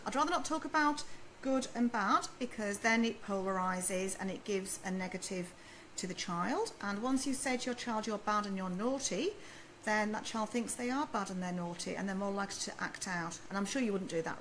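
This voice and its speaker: A woman with a medium-pitched, fairly bright voice works as a baby sleep consultant, reading out viewer questions on a live video stream and advising in a chatty, reassuring tone. The recording is rough, with a bit of hiss or hum.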